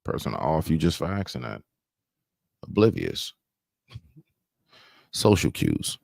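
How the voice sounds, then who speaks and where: A man's voice: extremely low pitch, wildly swooping pitch, takes it slowly, gravelly, a little mellow, dry recording, studio quality. A man hosting a live stream, reacting to clips with blunt, scolding, slangy commentary.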